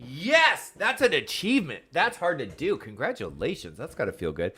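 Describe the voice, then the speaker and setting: A man streaming a video game, chatting excitedly and answering his chat. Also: a little high, normal speed, breathy edge. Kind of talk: casual live gameplay chat.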